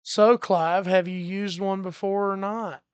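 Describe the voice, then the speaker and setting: A game master narrating a science fiction tabletop game in a relaxed way, laughing often. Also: medium pitch, measured pace, clear, resonant tone, no echo, dull audio. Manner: relaxed, laughing, explains freely.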